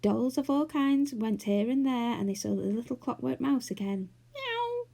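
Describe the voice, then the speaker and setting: A woman's voice: a little high, normal speed, creaky, dark tone. A woman with an English accent reading a children's novel aloud, doing character voices. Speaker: storyteller.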